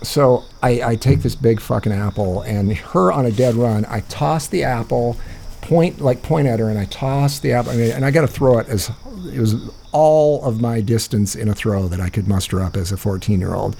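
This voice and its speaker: A man's voice: medium pitch, moderate pace, gravelly, dark tone, a little hiss or hum. A man telling a rambling, profane story in a casual podcast chat, often laughing. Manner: rambling, profane, laughs through his stories.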